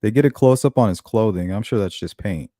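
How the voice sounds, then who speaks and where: A man's voice: on the low side, brisk, dark tone, dry recording, clean studio sound. A man hosting true crime commentary, talking casually and thinking aloud as he reacts to news clips. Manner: conversational, thinking aloud with fillers.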